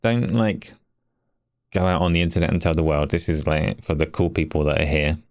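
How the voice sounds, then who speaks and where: Brief: low gravelly male streamer, shivering, rambling casual chat. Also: steady tone, fairly quick. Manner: rambling, chatty, says he is shivering from cold. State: shivering from cold. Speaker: stream host.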